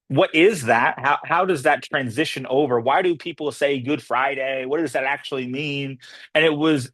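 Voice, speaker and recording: A man's voice: medium pitch, fairly bright tone, dry recording. A man giving a motivational business talk, casual and conversational, repeating phrases and acting out other people's reactions. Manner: conversational, repeats himself, acts out quoted reactions. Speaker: motivational speaker.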